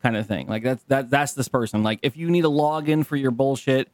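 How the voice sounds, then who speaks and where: A man's voice: medium pitch, steady tone, fairly quick, no echo. Young man, podcast co-host, casual chat, rambling, swears a lot, dry close sound. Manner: rambling storyteller who swears freely.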